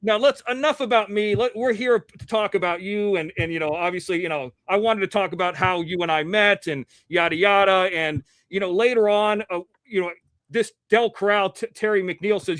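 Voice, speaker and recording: High-voiced guy hosting, blunt and swears a lot, rattles off stories, dry sound. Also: steady tone, a bit bright, no room sound. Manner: blunt storyteller, swears, fast bursts. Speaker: host. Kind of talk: casual interview chat.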